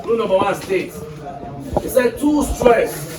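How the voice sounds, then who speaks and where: A man's voice: sits high, big pitch swings, a little slow, background noise. A man teaching an English lesson to a class, repeating his points and quizzing students with prompts. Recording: echoey room from far off, music behind.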